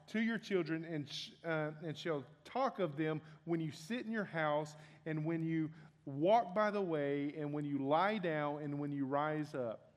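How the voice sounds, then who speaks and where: A young man preaching a sermon as pastor, earnest and conversational, often restarting his sentences. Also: on the high side. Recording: long hall reverb.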